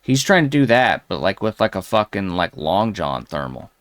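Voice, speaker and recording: A man's voice: low-pitched, very animated, moderate pace, fairly bright tone, dry recording. A man hosting a commentary show, crudely mocking a video with a rambling, sneering delivery full of fillers. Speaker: commentary host.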